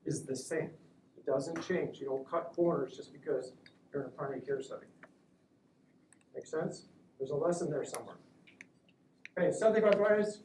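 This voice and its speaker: A man gives a classroom lecture as a surgeon teaching students, keeping it conversational and checking in with "right?" after nearly every point. His voice sits a little high for a man. The recording is roomy and taken from across the room, with a faint hum of ambience behind him. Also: a little mellow. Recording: echoey room, recorded from a distance.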